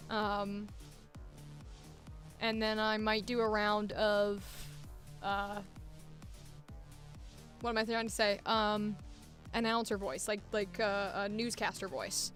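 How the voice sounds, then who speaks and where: A woman's voice: mid-range voice, level tone, takes it slowly, long pauses, a bit bright, soft background music. A woman voice actor chatting casually while preparing auditions, thinking aloud and interrupting herself. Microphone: headphones monitoring at a home recording setup.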